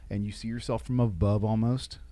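A man with a somewhat low voice recalls his military training as a guest in a casual interview. He tells his stories haltingly, often breaking off and starting over. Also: flat delivery, dark tone, dry recording. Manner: halting storytelling with restarts.

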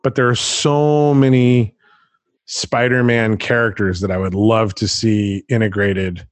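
A man's voice: on the low side, measured pace, no echo. Chatty man hosting a podcast chat. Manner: animated, chatty, laughs often. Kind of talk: casual chat.

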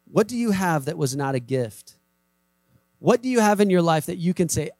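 A man's voice: on the high side, animated, normal speed, a little mellow, no room sound. A man preaching a sermon as a pastor, talking conversationally and acting out short quoted voices. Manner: conversational, acts out quoted voices, emphatic repetition.

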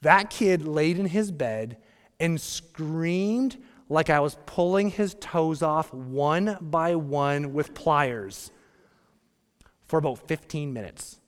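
A man in his thirties preaching a sermon as a pastor, joking, moving between hushed asides and emphatic bursts. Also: a little high, animated, takes it slowly. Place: church sanctuary. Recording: long reverb of a church hall.

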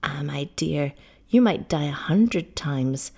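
A woman reading the part of a grieving young island husband, low and sorrowful. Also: expressive, takes it slowly, gravelly, darkish tone, husky, exaggerated voice. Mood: despairing.

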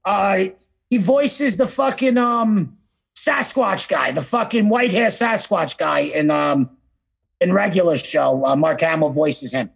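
A man co-hosting a casual podcast, rambling and profane, who slips into quick voice impressions while he talks. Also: high voice, creaky, breathy edge, muffled recording. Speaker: podcast co-host.

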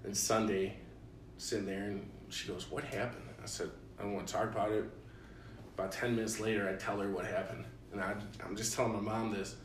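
Low-voiced young man telling stories, roomy sound. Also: fairly quick, distant mic, a little hiss or hum. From Illinois, USA. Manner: animated storyteller, acts out quotes, laughs often. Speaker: podcast host. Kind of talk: casual storytelling chat. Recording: roomy, from off-mic.

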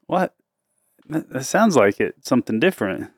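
Teasing dad chatting on a family podcast, lively, goes up and down a lot, dry mic. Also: male voice, medium pitch, slightly rough, dry recording. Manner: playful, teasing, quick to laugh. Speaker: podcast host and father. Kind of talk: casual family podcast chat.

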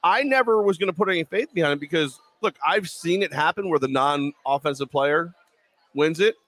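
Sports talk co-host, man, lively swooping delivery, ribbing his partner, mock outrage. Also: a little high, brisk. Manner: animated, teasing, jokey mock outrage. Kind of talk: casual sports radio banter.

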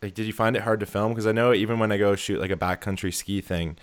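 A man hosting a casual chat, relaxed and joking as he asks follow-up questions. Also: fairly low pitch, fast.

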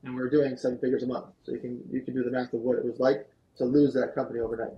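A man, a guest on a podcast, telling a long story in an animated, fast-moving way. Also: medium pitch, dull audio. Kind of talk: storytelling interview answer. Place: podcast studio.

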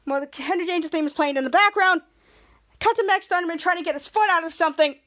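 A woman with a very high voice hosts a podcast and recaps an episode in a loose, rambling way. She restarts her sentences often and trips over words as she goes. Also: fast talker, pushed and bright. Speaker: podcast host.

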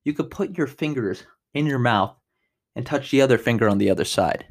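A man in his twenties hosting a podcast, telling a personal story in a casual, animated way, with big jumps in pitch and loudness. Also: brisk. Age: 20s. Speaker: podcast host.

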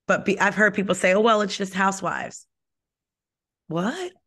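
A young woman hosts a casual podcast chat about reality TV. She talks in an animated, emphatic way and fills her sentences with "like.". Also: mid-range voice, normal speed, husky. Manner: animated, emphatic, says "like" a lot. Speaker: podcast host. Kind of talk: casual pop-culture gossip chat.

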